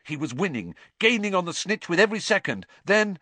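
A man reading a story aloud as an audiobook narrator, in a lively, dramatic storytelling manner. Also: high-pitched, a little fast, dry recording.

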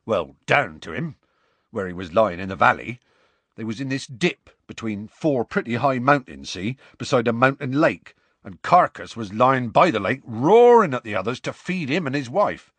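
A man's voice: medium pitch, very animated, a bit bright, husky, dry recording, voice pushed up. Man doing Hagrid, big folksy storyteller. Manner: folksy country dialect, dropped letters; storytelling, unhurried. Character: huge rough-spoken male gamekeeper, half-giant.

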